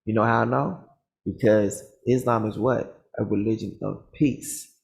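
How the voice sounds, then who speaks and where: A man vlogging, telling a story casually in an animated, boastful and confrontational way, acting out the other people's lines. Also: lowish voice, unhurried, vocal fry, slight background noise.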